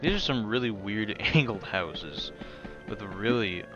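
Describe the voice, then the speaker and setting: A man giving casual let's-play commentary, excitable and laughing often as he plays. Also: on the low side, measured pace, dull audio. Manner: excitable, laughs often, slips into joke accents. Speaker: gaming video host. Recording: game music playing behind voice.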